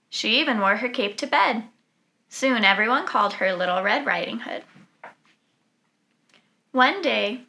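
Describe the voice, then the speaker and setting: A woman reading a children's storybook aloud in an animated, expressive way. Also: medium pitch, vocal fry. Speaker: storybook reader.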